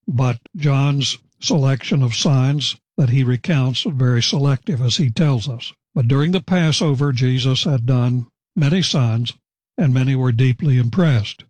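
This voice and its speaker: Man, husky voice, dry close sound, measured Bible teaching, preacher. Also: medium pitch, darkish tone, dry recording. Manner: measured, explanatory, deliberate pauses.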